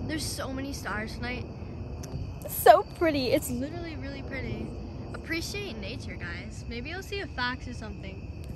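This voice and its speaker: A woman's voice: high-pitched, lively intonation, moderate pace, crowd noise. A young woman vlogging in a casual, giggly, rambling way, full of fillers, filmed on a handheld camera at home and out on a night walk. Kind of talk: casual vlog chat.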